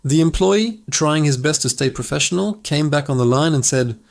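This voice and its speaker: A man's voice: a little high, expressive, normal speed, gravelly. Upbeat male storyteller hosting a channel. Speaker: channel host. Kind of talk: scripted storytelling narration.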